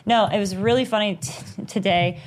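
A woman, co-hosting a podcast in casual chat, telling a story animatedly and acting out quoted voices with sudden high pitch jumps. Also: a little fast. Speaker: podcast co-host.

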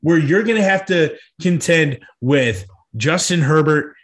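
A man co-hosting a casual sports podcast, relaxed and opinionated, with many "like" and "I mean" fillers. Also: fairly high pitch, a little slow.

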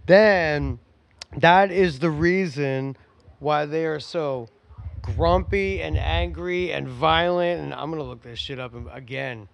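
A man hosting a casual podcast from a home kitchen, rowdy and joking, with plenty of swearing. His voice sits a little high, and he talks at an unhurried, drawn-out pace. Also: vocal fry, no room sound. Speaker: podcast host. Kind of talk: casual chat.

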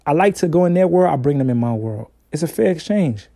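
Male podcast host with a mellow, warm tone, easygoing and slangy, casual monologue. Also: fairly high pitch, animated, fairly quick, vocal fry, no echo, studio quality. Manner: laid-back, slangy, conversational.

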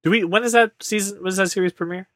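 A man's voice: high-pitched, rapid-fire, no room sound, studio quality. A man hosting a podcast, chatting casually and joking with his co-hosts. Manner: playful, jokey, lively delivery. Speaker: podcast host. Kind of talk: casual chat.

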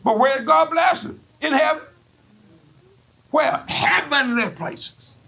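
A man preaching a fiery sermon as pastor, emphatic and repetitive, rising to shouts as the congregation answers. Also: extremely high pitch, slow, vocal fry.

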